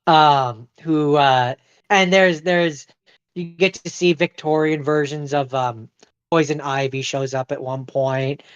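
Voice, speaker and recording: A podcast co-host in casual chat, hesitant and filling pauses with ums. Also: medium pitch, steady tone, clean tone, no room sound. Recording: dull dry sound.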